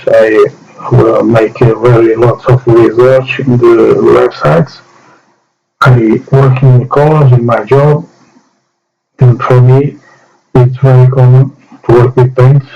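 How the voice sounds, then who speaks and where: Halting slow man. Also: mid-range voice, vocal fry. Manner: halting, short phrases with pauses. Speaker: miniature painting hobbyist. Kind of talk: slow hands-on painting demo. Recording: dull lo-fi sound with soft music.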